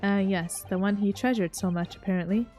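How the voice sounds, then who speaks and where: A woman's voice: medium pitch, fairly quick, warm tone. A woman hosting a let's play, reading the game's dialogue aloud and musing casually between lines. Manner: casual, hesitant fillers while reading. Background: game music.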